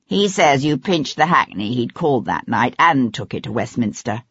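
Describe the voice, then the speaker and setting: An audiobook reader voicing a sharp-tongued nobleman investigator who probes with cold, relentless accusations, in a dry, slightly dull recording. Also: mid-range voice, expressive, normal speed, vocal fry, breathy edge, no room sound, voice pushed down, heavily acted. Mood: accusing.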